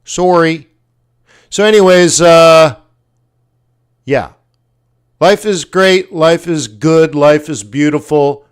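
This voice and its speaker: A man's voice: fairly high pitch, slow, pauses often, clear, resonant tone. A man with a Canadian accent hosting a forex trading livestream, talking casually in a rambling, jokey way and correcting himself as he goes. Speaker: forex trading educator and stream host.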